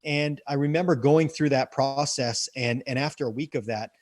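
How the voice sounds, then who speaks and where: A man's voice: mid-range voice, moderate pace, a little mellow, no room sound, studio quality. An earnest man telling a personal story as an interview guest, often repeating words as he restarts sentences. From United States.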